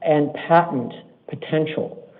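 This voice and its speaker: Brief: higher-pitched male judge, stern and deliberate, formal courtroom delivery, phone-thin audio. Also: phone-quality sound.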